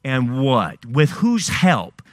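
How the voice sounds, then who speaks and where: A man's voice: medium pitch, sing-song, very slow, dry recording, studio quality. A man preaching a sermon, firing off rhetorical questions and swinging his emphasis up and down. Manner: fiery rhetorical questions, rising and dropping emphasis.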